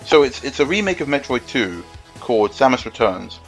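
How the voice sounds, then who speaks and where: A man's voice: medium pitch, sing-song, moderate pace, faint music behind. A man co-hosting a gaming podcast, rambling and joking in casual chat with lots of fillers. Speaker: podcast co-host.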